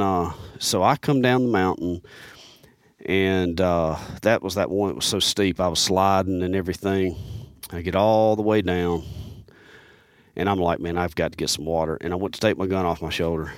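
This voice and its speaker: Deep-voiced man telling a rambling story. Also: moderate pace, dry recording, clean studio sound. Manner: rambling, animated, peppers speech with "man". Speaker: podcast guest, turkey hunter. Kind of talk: casual storytelling. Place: podcast studio.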